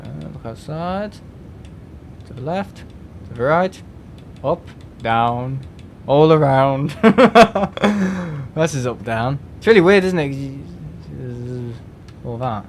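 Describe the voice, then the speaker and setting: Man from england, casual stream chat, rambling, restarts, faint background rumble. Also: lively intonation, slow, vocal fry, pauses often. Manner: chatty, rambling, many restarts and fillers.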